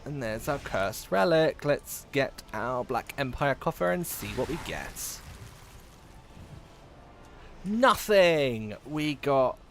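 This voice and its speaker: Man, game streamer, casual chat, giggly, lively up-and-down voice, faint background noise. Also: mid-range voice, slow, gravelly. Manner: chatty and giggly, reads chat aloud, trails off in fillers. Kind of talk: casual live-stream chat while gaming.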